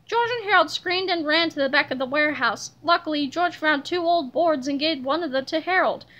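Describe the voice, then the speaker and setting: Bright high-voiced woman reading aloud. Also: brisk, highs cut off. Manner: animated, playful. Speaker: reader. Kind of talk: reading a children's book aloud.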